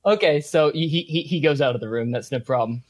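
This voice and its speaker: A man narrating a tabletop game as game master, pausing often with ums as he describes scenes. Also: a little high, low-quality recording. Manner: hesitant, filler-heavy narration with lively swings.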